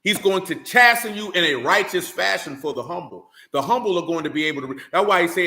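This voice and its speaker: A man's voice: high-pitched, expressive, quick pace, few pauses, sharp tone. Fervent, emphatic male preacher in an echoey room. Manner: preachy, repeats "man" and "you understand", rising to emphatic. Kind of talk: sermon with scripture reading.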